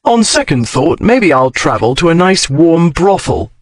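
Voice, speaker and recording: A man's voice: fairly high pitch, very animated, measured pace, no echo. A man narrating an audiobook, voicing a sardonic, teasing aristocratic duke in a dry, mocking tone. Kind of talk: audiobook character voice.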